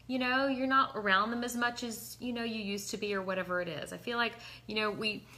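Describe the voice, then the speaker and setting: A woman's voice: on the high side, steady tone, brisk, pushed and bright. A woman hosting a casual conversation, agreeable and often chiming in with short affirmations.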